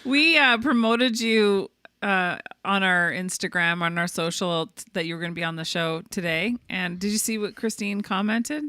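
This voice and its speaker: A woman co-hosting a chat show, chatty and quick to laugh. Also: medium pitch, pushed and bright, clean tone. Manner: giggly, chatty. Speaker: co-host. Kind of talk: casual podcast chat.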